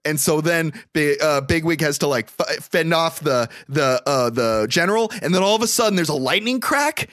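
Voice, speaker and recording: A man's voice: fairly high pitch, moderate pace, few pauses, no echo, clean studio sound. A man hosting a podcast, swearing freely as he animatedly recaps a movie plot. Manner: profane, animated storytelling. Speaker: podcast host.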